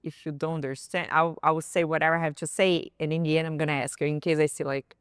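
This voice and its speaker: A woman's voice: sits low, fast, clear, resonant tone, dry recording, studio quality. A woman with a Brazilian accent, a podcast guest speaking frankly and with laughter in a casual roundtable chat. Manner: frank, laughing, animated storytelling.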